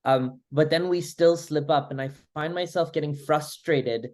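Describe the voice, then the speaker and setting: A man's voice: on the high side, unhurried, darkish tone. A man in a class asking a question hesitantly, with many fillers. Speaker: class participant.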